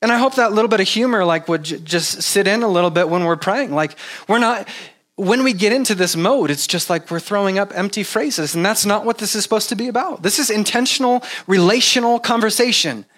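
A man preaching a casual sermon, halting with restarts and fillers, animated when he mimics repetitive prayer. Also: high-pitched. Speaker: pastor.

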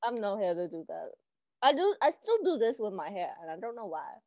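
A woman's voice: mid-range voice, very animated, brisk, mellow, no echo. Young woman cohosting a chaotic podcast, voice jumps all over, dry close sound. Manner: joking, chaotic, frequent laughter. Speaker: podcast co-host. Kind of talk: casual chat.

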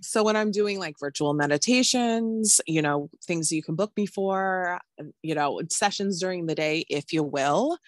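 A woman in her thirties co-hosting a podcast, telling a story in rambling casual chat with sudden high exclamations. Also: moderate pace, dry recording. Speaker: podcast co-host.

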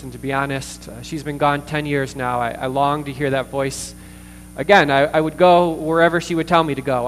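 A man preaching a sermon as pastor, earnest, with pauses, fillers and repeated words. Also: mid-range voice, a bit bright. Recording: distant reverberant hall with mains hum.

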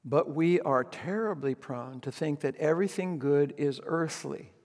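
A man's voice: fairly high pitch, a little slow, darkish tone, long reverb tail. A man preaching a sermon as pastor, telling a story with frequent ums and restarts.

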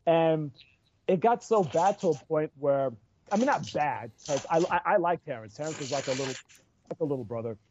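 A man's voice: fairly high pitch, animated, normal speed, background noise. A man, a stand-up comedian, chatting casually and telling a rambling story full of restarts. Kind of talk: casual chat. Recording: dull dry lo-fi recording.

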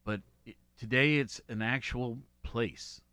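A man hosting an interview, asking questions in a halting way, with many fillers and restarts. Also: mid-range voice, steady tone, pushed and bright, clear, resonant tone, dry recording. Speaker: interviewer, host.

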